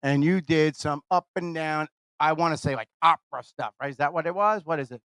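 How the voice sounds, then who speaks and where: Energetic teasing radio host man. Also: fairly high pitch, fairly quick, clean tone. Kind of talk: live radio banter. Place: radio studio. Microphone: studio microphone.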